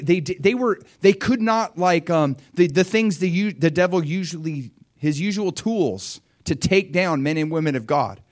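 A man preaching a sermon and recounting a vision, fervent, dropping to quiet asides and rising to loud surges, often restarting his words. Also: fairly high pitch. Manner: restarts and stumbles over words.

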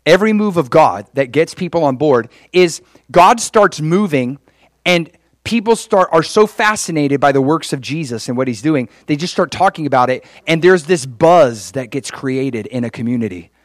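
A man preaching a sermon in a conversational, animated way, often acting out quoted conversations. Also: a little high, dry recording, studio quality. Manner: acts out quoted conversations in changed voices.

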